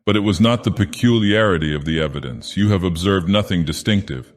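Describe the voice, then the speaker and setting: A man's voice: deep voice, a little fast, close to an everyday voice. A man voicing a cool, analytical male detective who explains a case in a precise, lecturing way. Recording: long hall reverb.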